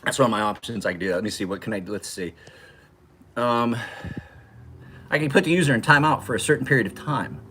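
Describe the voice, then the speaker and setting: Speaking from his home garage, a knife sharpening channel host with a mid-range, fairly bright voice talks fast but leaves long pauses. He chats loosely and rambles with viewers live, laughing through profane stories, and there is a little hiss or hum in the audio.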